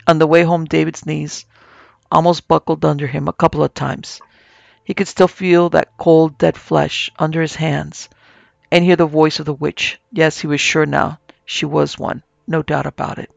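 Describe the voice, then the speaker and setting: A man narrating a scripted horror story in a slow, measured way as podcast host. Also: on the high side, little pitch movement, gravelly, dry recording, muffled recording.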